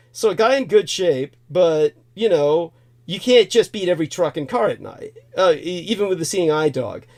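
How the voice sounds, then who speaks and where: Here the host's voice sits slightly high with a darker tone. He drifts through a lengthy personal anecdote, saying things more than once and letting out the occasional chuckle as the storytelling rambles.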